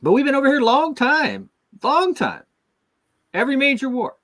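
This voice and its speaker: A man's voice: very high voice, very animated, moderate pace, a bit bright. A middle-aged man from the United States hosting a casual talk show, rambling with many restarts and fillers. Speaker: show host. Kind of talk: casual chat.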